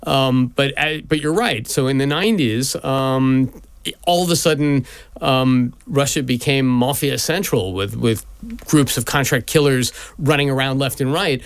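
A man's voice: medium pitch, measured pace, smooth, dry recording. A man in his fifties from the United States, a guest in a radio interview, telling stories candidly with many fillers and restarts. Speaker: guest, lawyer and businessman.

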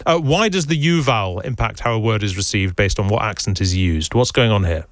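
A male radio presenter who talks quickly in a brisk, conversational way as he puts questions to guests. His voice sounds dry and close to the mic. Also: fairly low pitch, expressive, dry recording. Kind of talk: radio interview.

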